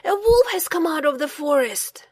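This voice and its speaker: Sam, a woman doing a high-voiced shepherd boy. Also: big pitch swings, unhurried, dry recording. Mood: shouting. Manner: high calls for help, shouting. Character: young shepherd boy, bored and mischievous. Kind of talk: storybook reading.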